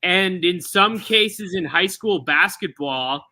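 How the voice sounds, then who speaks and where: A man's voice: high voice, expressive, takes it slowly, pushed and bright. A man in casual podcast chat, telling rambling, profane stories. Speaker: podcast co-host.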